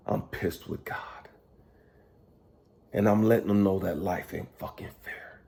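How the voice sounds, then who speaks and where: A man giving an emotional spoken monologue as a life coach, heavily profane and intense, swinging from loud outbursts to near whispers. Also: lowish voice, unhurried, creaky, pauses often, slight background noise.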